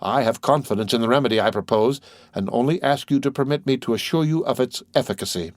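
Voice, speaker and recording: A calm, commanding nobleman of mystery, measured and solemn in every word, as a male audiobook reader takes him on. The voice sits at an ordinary male pitch and sounds dry and close, with no room around it. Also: no room sound, lightly acted.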